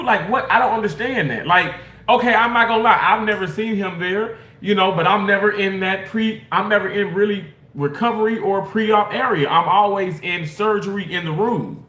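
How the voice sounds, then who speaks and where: Man, casual storytime rant, repeats himself, bright higher voice, roomy echo. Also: a little fast. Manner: animated, rambling, repeats and restarts, talks to viewers as y'all. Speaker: surgical staff member.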